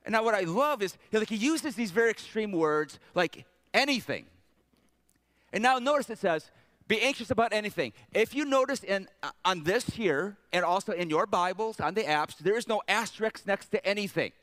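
A man preaching a sermon as pastor, animated and storytelling, with joking asides and questions to the congregation. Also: sits high, normal speed, no echo.

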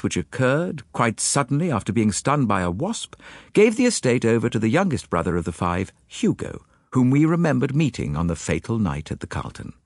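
A man reading a story aloud as a first-person narrator, measured and expressive. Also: on the low side, dry recording, studio quality. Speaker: audiobook narrator.

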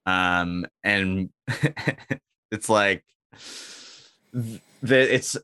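A man in casual chat, pitching comedy scenarios and acting out bits of dialogue. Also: extremely slow, pushed and bright, clear, resonant tone, no echo, clean studio sound.

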